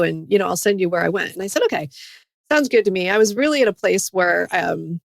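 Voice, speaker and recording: Earnest middle-aged woman with gravelly voice. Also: fairly low pitch, expressive, a little fast, dry recording, studio quality. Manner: earnest, faith-based testimony. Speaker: podcast guest. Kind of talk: personal story in a podcast interview.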